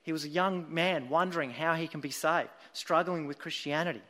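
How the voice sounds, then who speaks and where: A man preaches with earnest, emphatic storytelling. His voice sits high for a man, and a long reverb trails each phrase across the hall. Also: brisk, fairly bright tone. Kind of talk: sermon.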